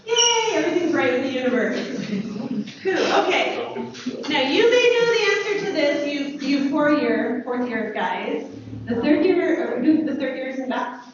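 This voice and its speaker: An American woman teaching a planetarium class, chatty and lively, asking students questions. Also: sits high, moderate pace, very echoey, recorded from a distance, dull audio, noisy background. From United States. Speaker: astronomy teacher. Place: planetarium dome.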